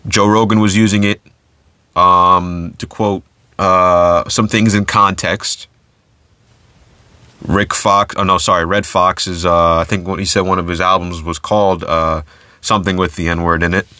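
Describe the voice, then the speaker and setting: Casual low-voiced man podcasting solo. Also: level tone, measured pace, bright, forceful tone, no echo. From United States. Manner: casual, conversational, many fillers and restarts. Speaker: podcast host.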